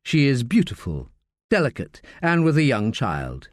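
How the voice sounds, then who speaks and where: A man narrating a crime audiobook in an expressive, measured way. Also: mid-range voice, dry recording, clean studio sound.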